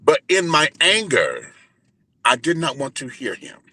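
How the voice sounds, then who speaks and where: Animated, profane storytelling man. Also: fairly high pitch, a little slow. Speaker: guest, entertainer and radio host. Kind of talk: storytelling in casual interview.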